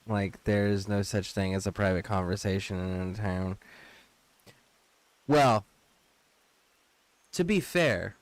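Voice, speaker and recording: A man's voice: lowish voice, takes it slowly, pauses often, no room sound. A man streaming a video game, reading menus aloud and chatting loosely with casual profanity. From United States. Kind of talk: casual gameplay commentary.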